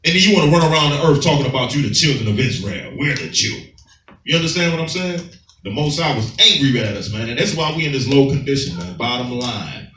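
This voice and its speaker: A man's voice: medium pitch, lively intonation, fast, pushed and bright, a little hiss or hum. A man teaching a Sabbath class, preaching emphatically in a streetwise way and often asking his listeners if they follow. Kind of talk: preaching scripture commentary. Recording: roomy, far from the mic.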